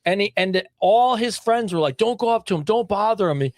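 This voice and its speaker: Male podcast co-host, slightly high voice, emphatic and animated, dead-dry close mic. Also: fairly quick, no echo. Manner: animated, emphatic, lots of restarts. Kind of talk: casual chat.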